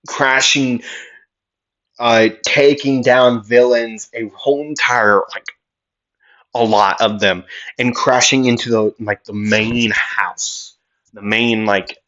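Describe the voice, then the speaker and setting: A man's voice: mid-range voice, pushed and bright, highs cut off. A man improvising a fan story aloud, rambling with many fillers and restarts.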